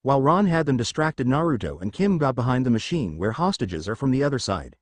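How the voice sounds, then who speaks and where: A man reading a fan fiction story aloud and voicing its characters in his own voice, with a halting delivery. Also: mid-range voice, sing-song, no echo. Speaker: narrator.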